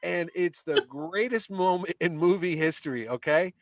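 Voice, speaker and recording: A man's voice: on the high side, normal speed. A middle-aged man telling a long story in casual podcast chat, humming music cues and acting out the crowd. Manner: animated storyteller, hums movie music, acts out crowd shouts.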